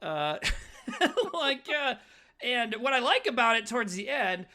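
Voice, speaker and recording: A man's voice: very high voice, sing-song, measured pace, sharp tone. A man co-hosting a podcast, rambling casually with lots of fillers and swearing. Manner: rambling, filler-heavy, profane. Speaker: podcast co-host. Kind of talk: casual chat. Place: Midwest.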